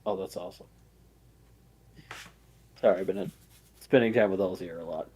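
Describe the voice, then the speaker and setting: A man's voice: sits low, normal speed, mellow, slightly rough. A young man playing a tabletop role-playing game, switching between narrating his character and acting out lines. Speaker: player.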